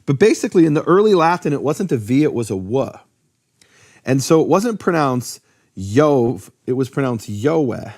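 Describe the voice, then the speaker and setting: A man teaching in casual talk, lively, with many fillers and restarts. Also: a little high. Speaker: Bible teacher.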